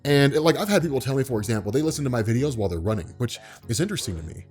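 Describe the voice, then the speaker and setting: With faint music behind him, a man delivers a laid-back talk to camera at an unhurried pace. His medium-pitched voice, supported from the diaphragm, is carrying and commanding while his manner stays calm.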